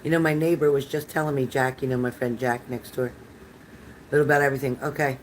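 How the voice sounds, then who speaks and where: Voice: mid-range voice, fairly even intonation, fairly quick, a little hiss or hum, poor audio. An older tarot reader giving live readings to chat viewers in a chatty, rambling, reassuring manner.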